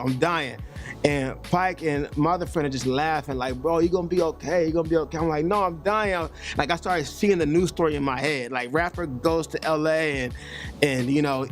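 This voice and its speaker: A touring rapper telling a wild story in an animated way, acting out the people in it. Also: male voice, a little high. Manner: animated storytelling, acts out voices.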